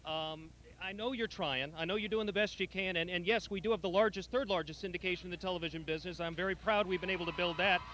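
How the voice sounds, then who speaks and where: A man's voice: high-pitched, steady tone, quick pace, few pauses, pushed and bright, low-quality recording. A man playing a TV owner who argues with his promoter, pushy and stammering as he insists. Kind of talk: scripted on-air argument.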